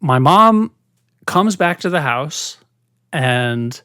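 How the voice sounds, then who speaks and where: A woman's voice: sits low, very slow, no room sound, studio quality. A woman guest frankly retelling a personal story in casual podcast chat, with many fillers. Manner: frank, animated retelling with lots of "like".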